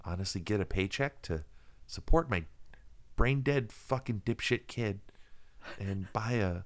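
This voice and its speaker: A man's voice: on the low side, measured pace, lightly acted. A man doing an impression of a bitter middle-aged actor, whispering crude, self-pitying complaints.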